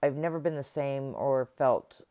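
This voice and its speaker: A woman's voice: extremely low pitch, steady tone, normal speed, mellow. A middle-aged woman giving a casual self-help talk to camera, acting out remembered conversations as she goes. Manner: conversational, acts out remembered dialogue.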